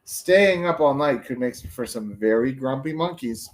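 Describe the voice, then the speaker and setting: A man's voice: medium pitch, expressive, a little slow, a little hiss or hum, natural voice. A man voicing a doting mother ape in a storybook reading, fond and teasing.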